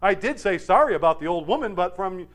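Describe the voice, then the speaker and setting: A man's voice: high voice, lively intonation, a little fast. A man voicing an indignant, argumentative male peasant who rants back at a king, in a sermon retelling.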